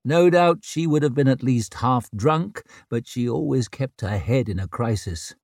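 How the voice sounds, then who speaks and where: Male audiobook narrator, animated delivery, dry studio sound. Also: mid-range voice, unhurried, vocal fry, no room sound. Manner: expressive storytelling. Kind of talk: scripted narration.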